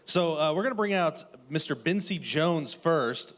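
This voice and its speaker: A man's voice: on the high side, lively intonation, moderate pace. A man co-hosting a live podcast at a music venue, ribbing a guest in a casual, dry way. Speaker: podcast co-host. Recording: live venue with long reverb.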